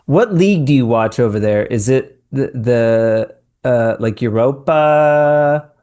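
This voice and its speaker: A man's voice: mid-range voice, slow pace, mellow. A man from the United States hosting a podcast, easygoing and joking, repeating his guest's answers back. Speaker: podcast host. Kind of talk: casual interview chat.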